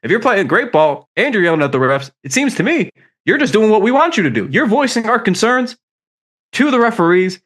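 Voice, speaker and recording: A young man co-hosting a sports podcast, arguing loudly and swearing as he rants. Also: high-pitched, brisk. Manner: animated, ranting, swears often. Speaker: podcast co-host. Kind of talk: heated sports debate.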